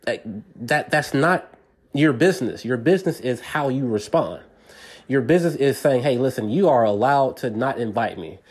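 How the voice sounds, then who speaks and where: A man hosts his own podcast in a loose, earnest monologue. His voice is mellow and warm in tone, and he circles back over his words, restarting often and laughing now and then. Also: mid-range voice, breathy edge. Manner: earnest and repetitive, frequent restarts, laughs between points. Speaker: podcast host. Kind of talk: casual monologue.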